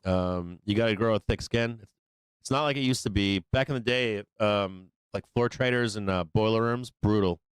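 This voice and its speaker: The host of a live stock trading show, this man offers viewers loose, rambling advice laced with profanity and humor. His voice is clean and moderately paced on a dry recording, and he plays out little scenes in higher voices.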